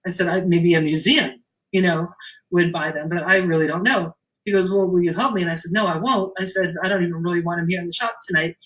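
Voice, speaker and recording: Bright, animated woman telling a story. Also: fairly low pitch, fast talker, rough recording. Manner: animated storyteller, acts out the dialogue, laughs often. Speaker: shop owner telling a story. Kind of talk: casual anecdote in an interview.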